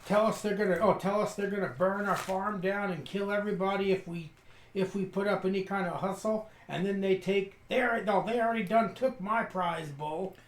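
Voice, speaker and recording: A frightened country farmer in middle age pleads his case in rough, folksy grammar, put on by a man. His voice sits raised and tense, and the sound echoes in the room. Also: high voice, brisk, voice pushed up, close to an everyday voice. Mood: pleading, aggrieved.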